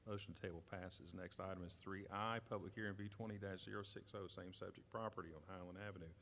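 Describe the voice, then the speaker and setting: Man, deep voice, fast clipped chairman reading the agenda, faint gym ambience. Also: fairly even intonation, creaky, a bit bright, slight background noise. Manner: brisk, routine parliamentary phrasing. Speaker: board chairman. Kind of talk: formal meeting procedure. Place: community center gym.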